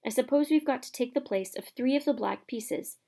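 Woman reading as young boy bossing everyone at chess, steady, kinda low and quiet. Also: a little fast, gravelly. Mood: bossy. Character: clever young boy, bossy chess strategist.

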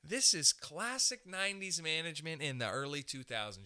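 A young man with a very bright, ringing voice, riffing through a comic monologue. He talks in a loose, rambling way, swearing casually and dropping animated asides. His voice sits a bit high for a man. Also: moderate pace, few pauses. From Canada. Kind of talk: stand-up style monologue.

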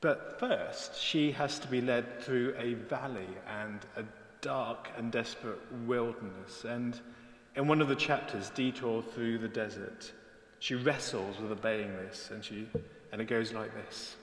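A man preaches an evening sermon in a mid-pitched, earnest and conversational voice, often slipping in asides. His words ring out through a large church with a long, hall-like reverb. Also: a little slow. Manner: earnest, conversational, peppered with "actually". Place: church, indoors.

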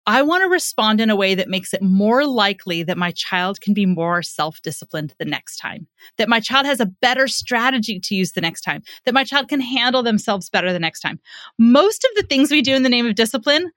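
A woman's voice: on the high side, animated, fairly quick, fairly bright tone, dry recording, clean studio sound. A middle-aged woman, a psychotherapist, telling a parenting story in earnest, acting out what parent and child say. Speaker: psychotherapist and parenting author, podcast guest. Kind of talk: conversational storytelling, explaining.

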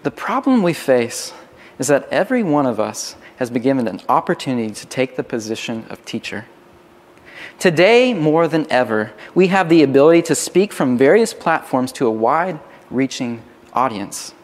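A man's voice: medium pitch, sing-song, moderate pace. A man preaching a sermon as a pastor, conversational and full of restarts. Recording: long hall reverb.

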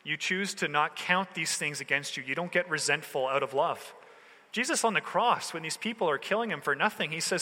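A man preaching in a relaxed, chatty way, mixing slang into his sermon. His voice is fairly high and very bright and forceful. It rings out with a long hall reverb. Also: brisk. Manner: casual, conversational preaching with slang. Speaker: pastor.

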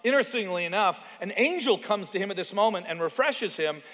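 A man's voice: high-pitched, lively intonation, a little fast, a bit bright. A man preaching a sermon as pastor, in a conversational way with asides and stories from his own life. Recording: long reverb of a large hall.

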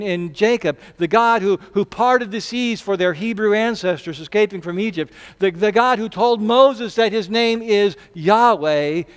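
A man with a high, smooth, resonant voice preaches to his congregation in a church sanctuary. His delivery is conversational, with sudden loud bursts when he acts out a quote. A long reverb trails every phrase. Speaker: pastor. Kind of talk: sermon.

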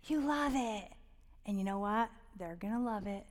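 A woman giving a heartfelt, rambling devotional talk about parenting, sometimes dropping to a hushed whisper on tender points. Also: mid-range voice, moderate pace, big-room sound. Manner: rambling, many fillers and restarts. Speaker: Christian parenting speaker.

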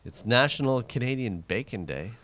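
A man co-hosting a casual radio show as quizmaster, reading out a list of special days with lively emphasis. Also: mid-range voice, normal speed. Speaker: quizmaster co-host. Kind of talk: casual studio banter.

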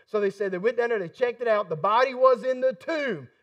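A man preaching a sermon in a folksy, emphatic way, getting excited as he talks. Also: very high voice, a little fast, recorded from a distance, highs cut off. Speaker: pastor.

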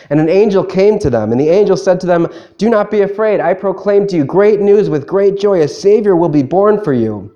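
A man delivers a Christmas Eve homily as a priest, his voice mellow and warm at a middling pitch. He preaches conversationally, putting questions to the congregation and sometimes restarting a phrase.

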